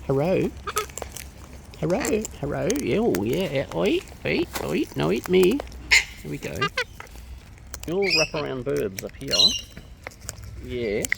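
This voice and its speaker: A woman's voice: sits low, big pitch swings, takes it slowly, vocal fry, pauses often, heavy background noise. A woman chatting playfully to wild birds outdoors, talking to them in a cooing, baby-talk way. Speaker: bird feeder vlogger. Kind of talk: casual chat with wild birds.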